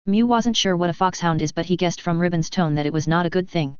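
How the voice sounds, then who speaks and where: Smooth-voiced woman reading a story. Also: fairly low pitch, fast, dry recording. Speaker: narrator. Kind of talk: reading fan fiction aloud. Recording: dull lo-fi dry recording.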